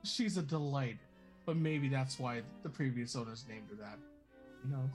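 A tabletop player voicing a polite, flustered high-society pet caretaker, talking in a posh, breathless, overly courteous way. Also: normal speed, darkish tone, faint music behind, close to an everyday voice.

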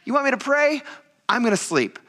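A man voicing a boastful, lazy male disciple in a squeaky, brash tone during a sermon. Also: very animated, brisk, sharp tone, full character voice.

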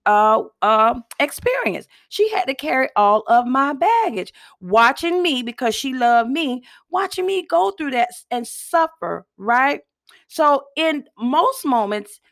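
A woman hosting a casual motivational talk in a folksy, chatty way, often clearing her throat and coughing. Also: on the high side, a bit bright. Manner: chatty, folksy, addresses listeners as y'all. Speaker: host.

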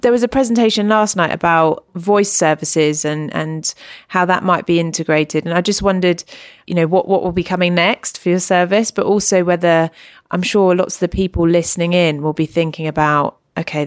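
A woman's voice: on the low side, normal speed, no echo, clean studio sound. A woman hosting a podcast interview, asking curious questions and reacting briefly in a friendly way. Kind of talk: interview conversation.

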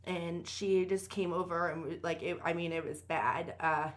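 A woman's voice: on the low side, fairly even intonation, moderate pace. A young woman on a podcast, telling a personal story candidly in casual chat, with lots of fillers and cursing. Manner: candid, profane, many fillers. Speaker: podcast guest.

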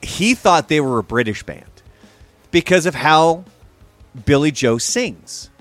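A man co-hosting a podcast in a relaxed casual chat, recounting anecdotes and reading out facts. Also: fairly high pitch, slow pace, faint music behind. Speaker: podcast co-host.

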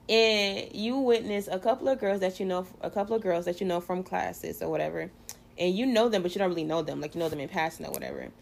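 Lady host, low gravelly voice, chatty and playful, lots of ums, bit of hiss behind. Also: animated, fairly quick, a little mellow. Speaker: podcast host. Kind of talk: casual faith chat.

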